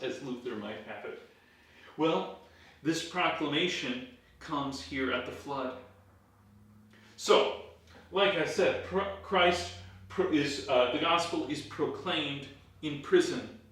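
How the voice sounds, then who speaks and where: A man's voice: on the high side, takes it slowly, long pauses, a bit bright. A man, a pastor leading a Bible study in a church, teaching emphatically and asking his listeners rhetorical questions. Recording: very echoey room, voice far from the mic.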